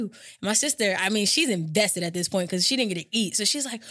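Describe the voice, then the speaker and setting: Woman host; animated, profane storyteller who acts out the lines. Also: medium pitch, fairly quick, hardly any pauses, no room sound, clean studio sound. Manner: animated, profane, acts out her own quotes. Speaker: podcast host. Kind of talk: casual storytelling monologue.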